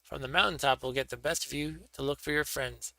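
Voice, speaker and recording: An eager young fox hero speaks with heroic cheer in a gamebook story. A man reads his lines in a bright, gravelly voice. The sound is dry and close. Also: mid-range voice, fairly quick, no room sound, poor audio.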